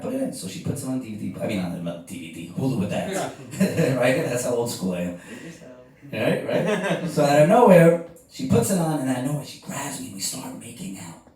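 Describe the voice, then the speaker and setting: A man's voice: mid-range voice, darkish tone. A man doing a crude stand-up set, telling a story and acting out both sides of the dialogue. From New York. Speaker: stand-up comedian. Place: comedy club stage before a live crowd. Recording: echoey room, distant mic.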